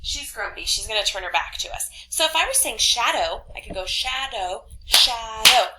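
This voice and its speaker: A woman teaching third graders in a recorded online lesson, upbeat, speaking slowly and clearly to children, with some whispered asides. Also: a little high, big pitch swings, very noisy. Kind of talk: online class lesson video.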